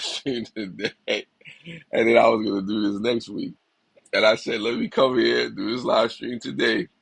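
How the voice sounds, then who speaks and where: A man's voice: lowish voice, gravelly, fairly bright tone, slightly rough, no room sound, rough recording. A man in his forties, a little sick, hosting a casual livestream with a reflective, encouraging manner and greeting viewers by name. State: a little sick, slight cough. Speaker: livestream host. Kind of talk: casual motivational livestream talk.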